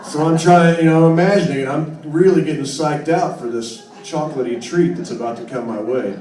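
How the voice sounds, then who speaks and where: A man's voice: a little high, a little fast, a little mellow, slight background noise. A man with a wry, rambling, self-deprecating way of telling a story between songs at a live show. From United States. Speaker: singer-songwriter performing live. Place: live venue with audience. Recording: roomy live recording from a distance, crowd audible.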